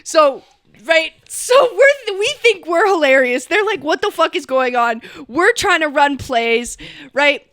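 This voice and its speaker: A young woman from Canada, co-hosting a podcast and telling a story with her brother, animated and laughing as she acts out quotes. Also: high voice, unhurried. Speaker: podcast co-host. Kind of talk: casual storytelling chat.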